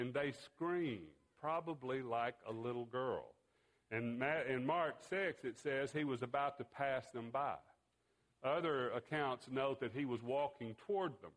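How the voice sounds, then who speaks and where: A man delivers a sermon. He tells a fishing tale with pauses and a few fillers, then draws a lesson from it. His voice sits at an ordinary pitch for a man. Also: rough recording. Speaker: preacher.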